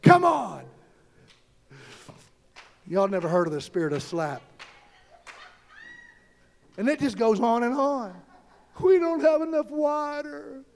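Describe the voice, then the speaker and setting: A man preaching a fervent sermon as pastor, shouting and calling out to the congregation. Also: extremely high pitch, lively intonation, takes it slowly, gravelly, long pauses.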